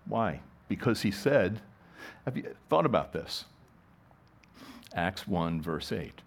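A man's voice: sits low, big pitch swings, takes it slowly, vocal fry. A middle-aged man, a pastor, preaching a sermon in a conversational way, full of rhetorical questions and restarts.

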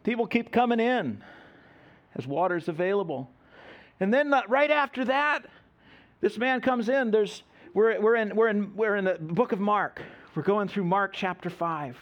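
A man with a high voice preaches through a mission story. He tells it in an animated way and acts out the voices of the people he quotes. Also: moderate pace, dull audio. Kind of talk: sermon storytelling.

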